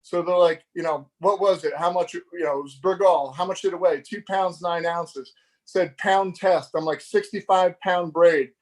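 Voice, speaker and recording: A middle-aged man tells a fishing story in a high, bright voice. He keeps laughing and acts out what everyone said in the story, loose and chatty as a live-show guest. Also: normal speed. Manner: animated, laughing, acts out dialogue. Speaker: fishing magazine editor, guest.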